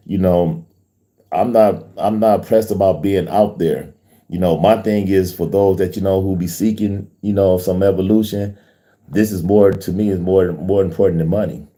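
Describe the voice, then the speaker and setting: Middle-aged male livestream host, casual and encouraging, low mellow voice. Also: steady tone, normal speed. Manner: reads viewer comments aloud, encouraging, repeats names. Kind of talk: casual faith livestream chat.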